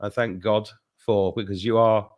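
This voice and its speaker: A man's voice: on the low side, little pitch movement, normal speed, a little mellow. A man guest in a casual chat, earnestly praising the host, repeating himself and swearing now and then.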